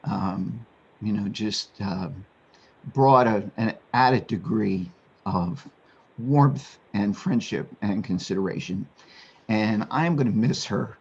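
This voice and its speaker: A man speaking as a commissioner at a public meeting, offering sincere remarks haltingly, with many restarts. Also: on the low side, gravelly, a little mellow, breathy edge, dull audio.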